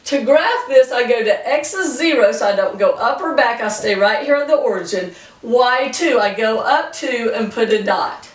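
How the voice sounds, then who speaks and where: A woman's voice: on the high side, animated, normal speed, distant mic. A woman teaching a pre-algebra lesson, explaining patiently and counting points aloud in a homey, chatty way. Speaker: math teacher. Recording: echoey room, voice from off-mic.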